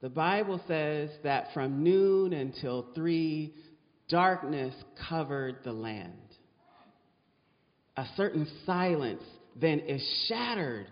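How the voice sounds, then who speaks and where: A man's voice: a little high, expressive, slow pace. A man preaching a sermon as a pastor, dramatic and repeating words for effect. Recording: dull sound with long hall reverb.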